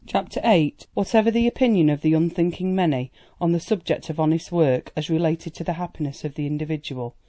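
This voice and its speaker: An audiobook narrator reading a period novel in a measured, even way. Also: mid-range voice.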